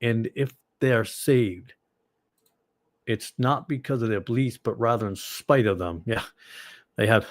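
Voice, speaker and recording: Male ministry host with a Boston accent, middle-range voice, dry close sound, digressive chat style that flares up loudly. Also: medium pitch, measured pace, pauses often, no echo. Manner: rambling and digressive, with sudden loud outbursts. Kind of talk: casual livestream chat answering viewers.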